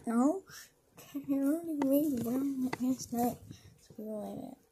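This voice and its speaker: A woman's voice: high voice, normal speed, warm tone. A woman voicing Yoshi as a cheeky, offhand dinosaur cook in a play-acted toy scene, in a noisy home recording. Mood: teasing.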